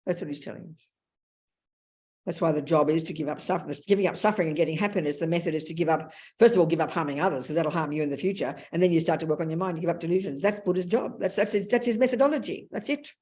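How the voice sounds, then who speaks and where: An older woman with an Australian accent gives a dharma talk. She teaches in a frank, earthy, animated manner, full of everyday slang. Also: fairly low pitch, rapid-fire. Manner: blunt, animated, colloquial. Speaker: Buddhist teacher.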